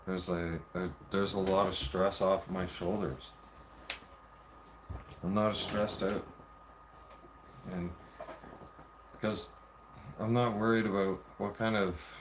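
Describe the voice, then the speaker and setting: A low-voiced man vents to his viewers in a loose, profane storytelling rant. He keeps slipping into heated re-enactments of old arguments. Faint background noise sits under the recording. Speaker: vlogger.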